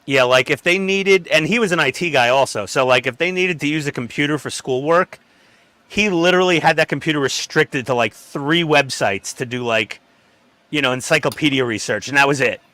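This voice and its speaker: Male stream regular, crisp bright voice, talks casually, acts out quotes in his stories. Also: a little fast, dry recording. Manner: animated storyteller who acts out quotes with sudden pitch jumps. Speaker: model-building stream regular. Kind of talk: casual group chat while building.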